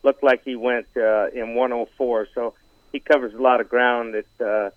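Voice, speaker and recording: A man talking casually as a horse racing analyst guest, halting with lots of fillers and some teasing. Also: mid-range voice, flat delivery, dry recording. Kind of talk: casual phone-in chat. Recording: tinny dry phone line.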